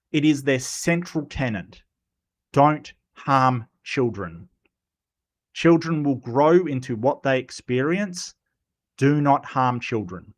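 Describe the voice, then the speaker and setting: An Australian man from Western Australia hosting a casual livestream, rambling through opinions with many ums and restarts while he answers chat comments. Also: mid-range voice. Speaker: livestream host.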